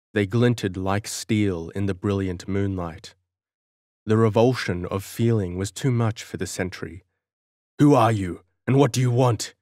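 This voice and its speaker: A man narrating an audiobook in a measured, dramatic storytelling manner. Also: on the low side, darkish tone, dry recording, studio quality.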